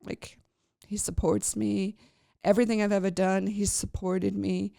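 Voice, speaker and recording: A woman's voice: medium pitch, flat delivery, unhurried, creaky, dark tone, no room sound, studio quality. A woman podcast host telling a personal story in a chatty, rambling way, with many fillers and restarts.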